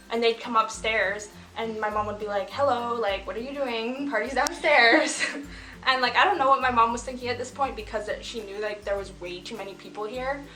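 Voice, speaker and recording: Pushed and bright, her mid-range voice carries a casual story time chat from a woman in her twenties. She laughs often as she talks, filling her speech with fillers, while faint music plays in an echoey room.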